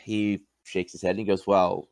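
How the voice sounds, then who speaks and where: A man running a tabletop game, narrating and calling rolls in a relaxed, plain manner. His voice sits low, and the sound is dry and close. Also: unhurried, no room sound. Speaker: game master.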